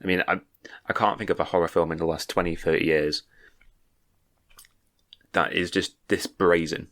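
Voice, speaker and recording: A man's voice: low voice, steady tone, moderate pace, a bit bright. A man co-hosting a casual podcast chat, often stammering, repeating words and laughing between points. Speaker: podcast co-host. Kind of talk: casual chat about a film.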